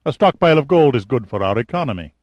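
A man voicing a pompous, cold military general in an audiobook, speaking in a measured, clipped way. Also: medium pitch, lively intonation, no echo, muffled recording, close to an everyday voice. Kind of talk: audiobook character reading.

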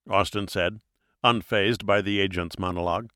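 Bright-voiced male audiobook narrator. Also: on the low side, moderate pace, dry recording, clean studio sound.

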